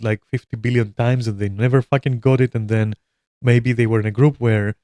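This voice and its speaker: A man's voice: medium pitch, darkish tone, no room sound, clean studio sound. A man streaming a reaction, giving blunt opinions in a rambling casual rant full of swearing.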